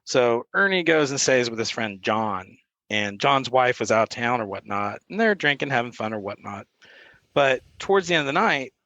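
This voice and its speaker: A man's voice: mid-range voice, normal speed, dry recording, rough recording. A man, a podcast guest telling stories in casual chat and acting out the lines of the people in them. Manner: animated storyteller who acts out the quoted lines.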